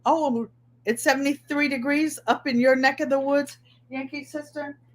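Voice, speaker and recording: Greeting viewers by name and chatting about her week, a middle-aged woman from Connecticut hosts a casual livestream and often repeats her phrases. She has a high voice with a steady tone and speaks at a normal speed.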